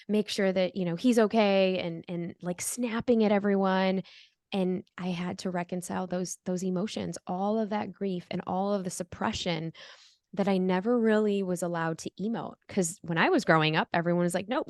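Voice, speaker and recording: Woman in her forties, podcast guest, earnest storyteller, slightly low voice, dry studio-close sound. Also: darkish tone, dry recording. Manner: earnest, reflective, acts out her own past voice. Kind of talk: candid interview storytelling.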